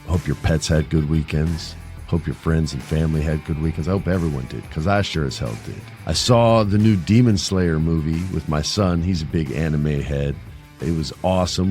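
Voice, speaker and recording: Deep-voiced man in his forties telling stories. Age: 40s. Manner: animated, jokey storyteller with crude asides. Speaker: podcast host. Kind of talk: casual storytelling chat.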